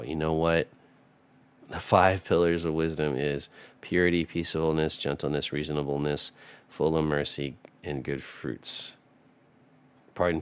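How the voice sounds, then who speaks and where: A man with an extremely low voice talks through scripture in a loose, self-reflective way. He rambles, restarts his sentences and laughs softly as he thinks aloud, like a casual home Bible study. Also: smooth. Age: adult married man.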